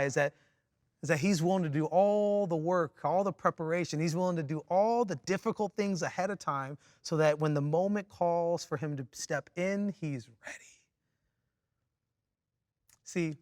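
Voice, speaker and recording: A man preaching a sermon through a personal story, animated and full of restarts, moving from loud exclaiming to quiet reflection. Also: on the high side, no echo, studio quality. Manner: animated, with frequent restarts and repeated words. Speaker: pastor.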